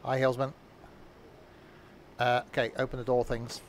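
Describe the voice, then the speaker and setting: A man's voice: medium pitch, completely flat delivery, measured pace, a little hiss or hum. A man casually commentating a train simulator game live, joking and teasing his chat. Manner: joking, chatty, teasing viewers. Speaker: streamer playing a train simulator.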